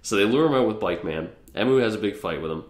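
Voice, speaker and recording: Low-voiced man recapping in an echoey room. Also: animated, fast talker. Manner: rambling plot recap with acted-out quotes. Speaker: podcast co-host. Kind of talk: casual podcast chat.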